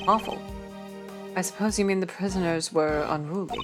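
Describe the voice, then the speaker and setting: A woman voicing a formal, sardonic male prosecutor in a video game, measured and dry. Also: lowish voice, lightly acted. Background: game music.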